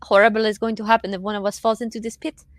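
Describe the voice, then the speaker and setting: A woman's voice: medium pitch, little pitch movement, rapid-fire, no echo. Dry-sounding woman planning at the table. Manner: questioning, organizes the plan. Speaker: tabletop game player. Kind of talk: casual tabletop play.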